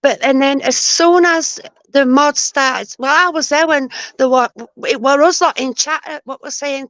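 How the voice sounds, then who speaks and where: A woman's voice: sits high, moderate pace, few pauses, fairly bright tone, no echo. A woman, a guest on a livestream, talking in a rambling, chatty way with lots of hesitation. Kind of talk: casual chat.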